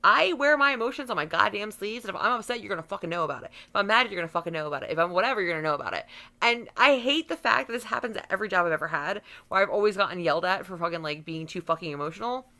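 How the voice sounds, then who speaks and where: A woman's voice: medium pitch, animated, very fast, pushed and bright. A woman in her thirties delivering a blunt, profanity-laced rant to camera, heated and unfiltered, with bursts of laughter. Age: 30s. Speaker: vlogger. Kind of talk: profane ranting monologue.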